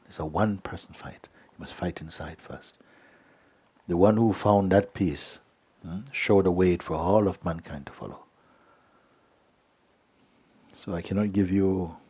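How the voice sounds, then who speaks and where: A middle-aged man teaching as a spiritual teacher at a satsang, speaking gently and unhurriedly, often checking in with "you see?" and sometimes sinking to a soft whisper. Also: low voice, slightly rough. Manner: drops to a soft whisper at times. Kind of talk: satsang talk answering a letter.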